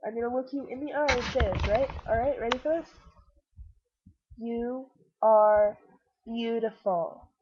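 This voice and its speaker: A woman's voice: sits high, fast talker, few pauses, lo-fi sound, slight background noise. A woman who is sick, talking in a rambling, self-deprecating, earnest way straight to the viewer through her computer's webcam. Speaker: vlogger.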